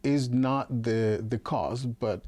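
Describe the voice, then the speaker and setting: A male talk show host with a warm, relaxed voice at an average pitch. He poses his questions with care, pausing and restarting as he works toward his point. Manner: hesitant, careful, restarts while framing questions. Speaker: interview host. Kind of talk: interview questions.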